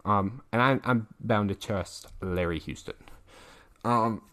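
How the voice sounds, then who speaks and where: A man's voice: on the low side, slow pace, fairly bright tone. A man co-hosting a podcast in casual chat, enthusiastic and rambling, laughing often between thoughts. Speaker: podcast co-host.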